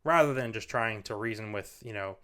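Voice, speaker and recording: A parenting video host stands at a studio microphone, offering casual advice in an earnest, rambling way packed with "you know"s. His voice sits fairly low and comes out fairly quick, pushed and bright, with a clean tone.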